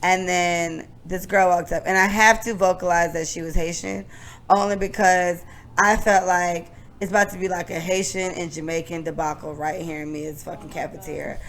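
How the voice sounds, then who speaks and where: A young adult woman co-hosting a podcast, telling a long story in casual chat, animated and profane, often laughing. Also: fairly low pitch, moderate pace. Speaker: podcast co-host.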